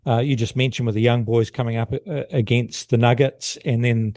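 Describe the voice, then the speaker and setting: Male sports podcast host, warm mid-range voice, dry close mic. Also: medium pitch, steady tone, moderate pace, no room sound. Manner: asks questions with stumbles and restarts. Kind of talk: sports talk interview.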